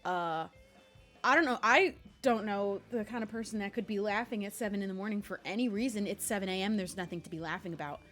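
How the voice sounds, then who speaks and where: A woman's voice: medium pitch, fast, a bit bright, soft background music. A young adult woman streaming live, chatting casually and rambling, laughing often between complaints.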